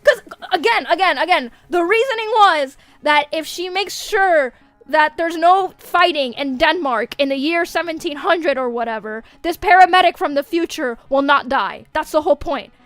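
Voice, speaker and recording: A woman's voice: sits high, moderate pace, a bit bright, no echo, soft background music. A woman streamer in casual livestream chat, ranting animatedly with lots of swearing and frequent laughter. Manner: laughs often. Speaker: VTuber streamer.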